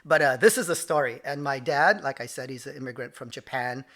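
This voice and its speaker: A man's voice: mid-range voice, brisk. A man in his thirties from Hawaii, a judo instructor, telling stories in a casual interview and laughing often. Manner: animated storyteller, laughs often. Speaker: judo instructor and dojo owner.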